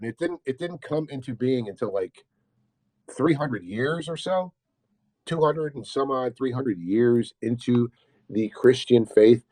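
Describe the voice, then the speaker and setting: A man's voice: medium pitch, dark tone, no echo, low-quality recording. A man hosting a casual livestream, mocking and laughing, sometimes breaking into a sing-song parody chant. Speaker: livestream host.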